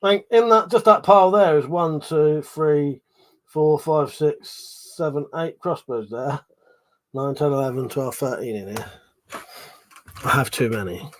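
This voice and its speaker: A man's voice: on the high side, measured pace. A man hosting a casual livestream, rambling, swearing freely and reading viewers' chat aloud. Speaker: livestream host.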